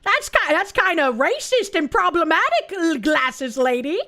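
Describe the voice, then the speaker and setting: A woman commenting on a video she is watching, blunt and sarcastic, cursing without hesitation. Her voice sits high and swings widely in pitch. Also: very animated, normal speed, bright, forceful tone. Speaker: streamer commentator. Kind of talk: reaction commentary.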